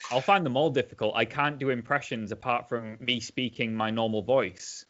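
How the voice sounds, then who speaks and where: A man's voice: medium pitch, fairly even intonation, moderate pace, fairly bright tone, lo-fi sound, slight background noise. Jokey man guest. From Hull, England. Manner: jokey, self-deprecating. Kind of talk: casual interview chat.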